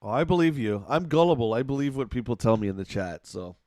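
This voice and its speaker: A man's voice: medium pitch, animated, quick pace, darkish tone, no room sound, clean studio sound. Chatty Canadian man streaming games. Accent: Canadian, Ontario. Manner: chatty, reads chat aloud, reacts to gameplay. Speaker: game streamer. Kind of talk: casual live-stream chat.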